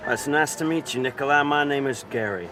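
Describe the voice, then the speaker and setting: A man's voice: medium pitch, brisk, a bit bright, voice pushed up, close to an everyday voice. An actor playing a lost young man who speaks politely and apologetically. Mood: shy.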